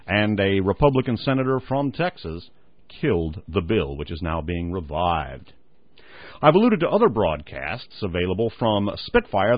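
A man's voice: fairly low pitch, no room sound. A man hosting a radio program, reading newspaper articles aloud and commenting on them. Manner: reads quotes then comments, says "skipping down". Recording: dull lo-fi radio recording.

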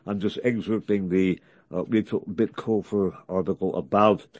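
A man hosting a talk program, reading article excerpts aloud in a halting way, with many fillers and restarts. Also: low voice, fairly even intonation, a little mellow, no echo. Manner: halting, many fillers and restarts, reads quotes with acted emphasis. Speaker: radio host.

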